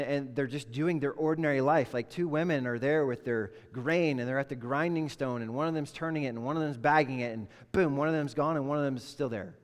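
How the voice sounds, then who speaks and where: A man preaching a sermon as a pastor, in a conversational, animated storytelling manner. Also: mid-range voice. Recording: long hall reverb.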